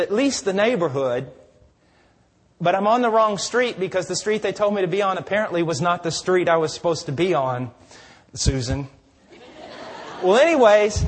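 A man's voice: high-pitched, big-room sound. A man preaching a sermon in a church, talking in a conversational, folksy way.

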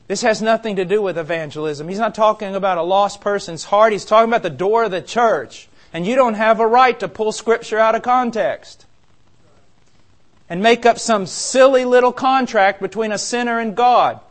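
A man preaching a sermon, impassioned and emphatic, swinging between quiet, intense passages and loud, forceful ones. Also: sits high, normal speed.

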